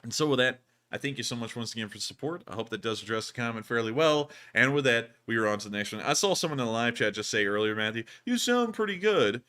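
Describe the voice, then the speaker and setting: A man's voice: mid-range voice, fast, hardly any pauses, bright, forceful tone. A man hosting a casual livestream chat, talking in a drawling, folksy way while feeling unwell. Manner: drawling, folksy, repeats thank-you phrases. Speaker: livestream host.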